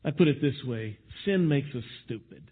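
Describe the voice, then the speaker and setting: A man's voice: medium pitch, expressive, normal speed, slightly rough, phone-quality sound. A man preaching a sermon to his congregation, acting out the voices of others as he talks. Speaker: pastor.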